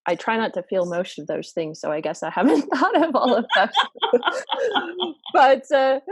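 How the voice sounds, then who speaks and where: A woman's voice: fairly high pitch, sing-song, slow, long pauses, breathy edge, no echo. Woman host, friendly, asks questions, dry close sound. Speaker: interview host. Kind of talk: live online interview.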